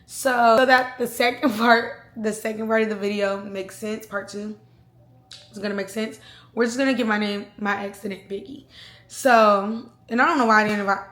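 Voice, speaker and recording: A woman vlogger telling a personal story in a casual, slangy, animated way. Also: mid-range voice, moderate pace, echoey room. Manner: chatty, slangy, animated retelling.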